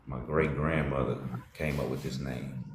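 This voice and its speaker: Very deep-voiced soft-spoken man. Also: steady tone, normal speed, reverberant, a little hiss or hum. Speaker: caller. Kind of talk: casual call-in chat.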